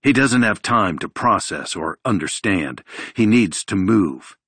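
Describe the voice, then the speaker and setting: A man reading a thriller audiobook in a measured, even delivery. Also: fairly low pitch, slightly rough, no echo. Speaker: audiobook narrator. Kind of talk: scripted audiobook narration.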